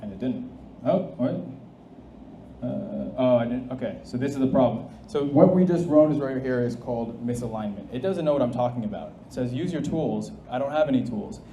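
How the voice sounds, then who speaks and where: Brief: male presenter, relaxed mellow tone, loose off-the-cuff delivery full of restarts, echoey hall with faint noise. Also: mid-range voice, fairly quick. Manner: casual, restarts often, thinks aloud. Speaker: presenter demoing AI agents. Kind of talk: live tech demo talk.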